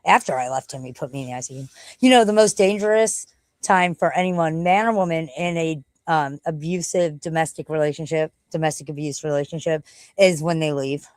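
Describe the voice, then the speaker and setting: A woman's voice: deep voice, brisk, a little mellow, no echo. A middle-aged woman chatting casually on a livestream at home, rambling and swearing offhandedly. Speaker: livestream host. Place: at home, walking out to the backyard.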